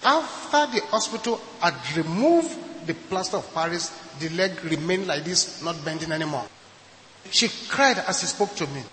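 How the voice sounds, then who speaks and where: A man's voice: high voice, lively intonation, moderate pace, sharp tone, slight background noise. A Nigerian man preaching a sermon as pastor, emphatic and repeating his key points. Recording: echoey hall with long reverb.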